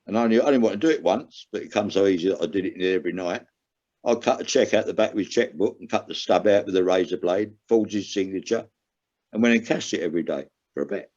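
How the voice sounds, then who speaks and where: Older man, low dull-sounding voice. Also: quick pace, a little mellow. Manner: earnest, emotional, rises sharply when stressing a point. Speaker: guest, recovering gambler. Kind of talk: candid personal storytelling.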